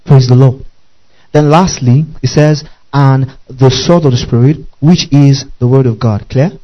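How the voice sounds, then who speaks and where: A man's voice: medium pitch, measured pace, dull audio. Emphatic male preacher quizzing his congregation. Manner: emphatic, questions the congregation often, spells Greek words, laughs. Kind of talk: sermon.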